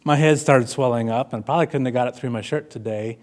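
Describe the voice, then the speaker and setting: A man's voice: medium pitch, fast, darkish tone. A man giving a conference talk to an audience, earnest and plainspoken, telling stories with casual fillers. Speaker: conference speaker. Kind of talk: keynote talk. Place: conference room before an audience.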